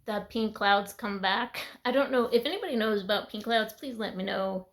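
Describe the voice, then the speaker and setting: Gravelly-voiced woman giving an earnest testimony. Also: medium pitch, moderate pace. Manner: earnest, conversational, with soft laughs and trailing whispers. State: tired, teary. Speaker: speaker sharing a faith testimony. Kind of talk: emotional personal testimony.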